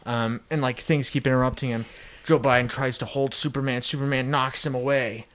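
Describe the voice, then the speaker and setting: A young man spinning an improvised, crude comedy tale for a podcast. He rambles, swears freely and breaks into laughter as he goes, with a steady, middle-pitched voice. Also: brisk. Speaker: podcast co-host.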